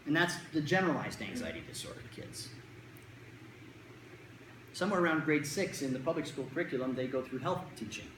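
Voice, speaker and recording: A speaker at a middle pitch gives a talk to parents about anxious children. The speaker keeps slipping into quick put-on kid and parent voices to act out scenes. The sound is roomy, with echo from the hall and faint noise behind. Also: animated. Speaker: child anxiety clinician giving a talk to parents. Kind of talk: talk to a live audience.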